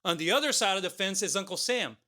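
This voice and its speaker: A man's voice: high-pitched, animated, fast, sharp tone. A man co-hosting a talk show, telling a motivational story and tagging his lines with "right?" and "okay?". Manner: keeps adding "right?" and "okay?". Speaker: co-host.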